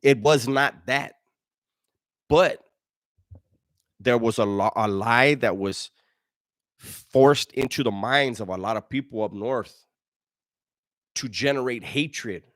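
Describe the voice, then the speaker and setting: A man's voice: mid-range voice, no room sound, studio quality. A middle-aged man hosting a live stream, reading and answering chat in blunt, profane street slang with frequent restarts. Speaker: livestream host answering chat.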